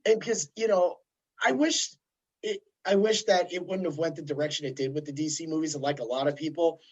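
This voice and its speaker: Husky-voiced man rambling on a lo-fi recording. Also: on the high side, fairly quick. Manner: rambling, animated storytelling with put-on voices. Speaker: podcast host. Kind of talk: casual chat. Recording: dull lo-fi sound.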